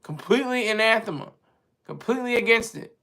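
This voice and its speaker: A man with a high, bright, sharp-edged voice talks loosely to his live-stream chat. He wanders from point to point with firm opinions and pauses now and then to hunt for a word. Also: animated, vocal fry. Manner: rambling and opinionated, searching for words mid-sentence. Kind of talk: casual monologue.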